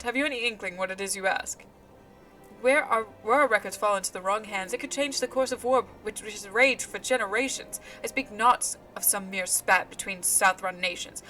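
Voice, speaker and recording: A proud chief astrologian, dismissive and indignant, read aloud by a woman. The voice stays bright and plain, with faint music behind. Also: mid-range voice, steady tone, brisk, natural voice, poor audio. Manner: indignant, formal, plain reading voice.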